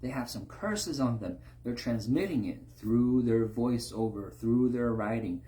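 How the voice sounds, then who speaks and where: A man's voice: mid-range voice, a little slow, warm tone. Man preaching with rhetorical questions. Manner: rhetorical, keeps asking "right?". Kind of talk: informal sermon.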